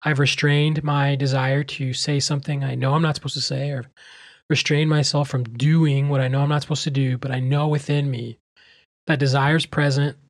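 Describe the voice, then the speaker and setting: A man's voice: mid-range voice, level tone, moderate pace, dry recording, studio quality. A man co-hosting a podcast, speaking earnestly and personally about his own struggles. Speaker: podcast co-host and teacher. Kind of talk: reflective podcast discussion.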